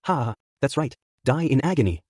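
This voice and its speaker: A man's voice: mid-range voice, animated, brisk, darkish tone, husky, no room sound, clean studio sound. A man voicing a cruel, gloating male villain with wax powers, in a mocking, taunting tone.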